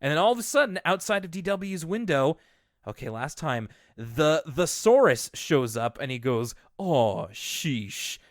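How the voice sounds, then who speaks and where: A man's voice: fairly high pitch, expressive, moderate pace, no echo, studio quality. A young man co-hosting a casual podcast, chattily recapping a cartoon episode and acting out the lines. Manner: chatty, laughs easily, acts out quotes. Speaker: podcast co-host.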